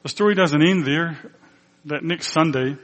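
A man's voice: fairly high pitch, moderate pace, a bit bright. A man who is a pastor telling a personal testimony in a sermon, emotional and earnest, acting out the dialogue as he tells it. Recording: long hall reverb.

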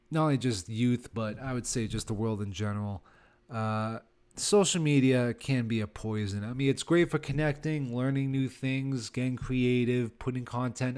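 Rambling sarcastic male podcast host. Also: medium pitch. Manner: rambling and sarcastic, with many fillers and laughs. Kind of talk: casual solo podcast rant.

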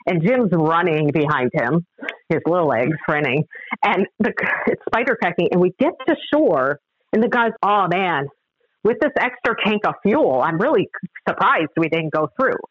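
A woman's voice: on the low side, no echo, dull audio. A middle-aged woman telling a story as a podcast guest, acting out other people's lines. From Upper Midwest of the United States. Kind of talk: animated storytelling.

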